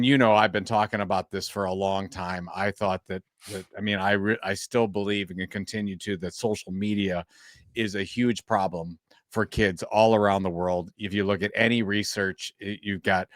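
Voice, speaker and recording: A man's voice: on the low side, a bit bright, no echo. A man co-hosting a marketing podcast, giving his opinions in casual talk and often restarting his sentences. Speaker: podcast co-host.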